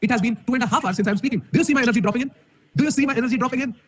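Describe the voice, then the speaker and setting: Alone in a room and recorded on a camera mic, a man with an Indian English accent teaches coding online to a live audience. He speaks with a very high voice at a very fast clip, full of energy and emphatic rhetorical questions.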